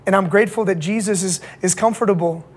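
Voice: mid-range voice, fast talker. A pastor preaching to young people in a casual, slangy way, checking in with the audience again and again.

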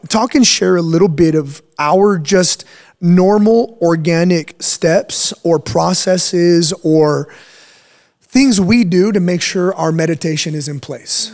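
A man's voice: high voice, a little mellow. A man hosting a faith podcast as pastor, talking in an emphatic, preachy way and checking in with "right?" as he explains. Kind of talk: casual chat.

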